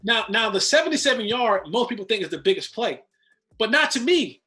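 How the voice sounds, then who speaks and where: A man's voice: high-pitched, very animated, fairly quick, pushed and bright. A man, a former football player, telling a long story as a guest in casual chat, restarting and repeating words as he goes.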